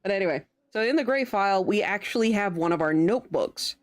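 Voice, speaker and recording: A woman's voice: mid-range voice, expressive, quick pace. A young woman streaming a game, chatting casually and laughing often as she comments on the story. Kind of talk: casual let's-play commentary.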